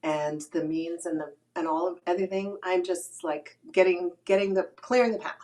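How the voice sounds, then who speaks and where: A woman guest chatting on a video call, hoarse from losing her voice, relaxed and rambling. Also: fairly low pitch, moderate pace. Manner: relaxed, rambling, laughs easily. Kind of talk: casual interview chat.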